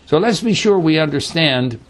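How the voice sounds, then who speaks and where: A man teaching through a Bible passage, explaining slowly and repeating key words, often checking in with "okay?". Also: a little high, expressive. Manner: slow, repetitive explaining with frequent "okay?" checks.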